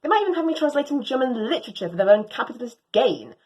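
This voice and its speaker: Woman voicing a proud young Doberman girl, storybook, high and swooping, theatrical. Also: big pitch swings, very fast, a little mellow, poor audio. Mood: dramatic. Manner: theatrical, swooping pitch, grand old-fashioned phrasing. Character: excitable proud young female Doberman dog. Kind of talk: storybook reading.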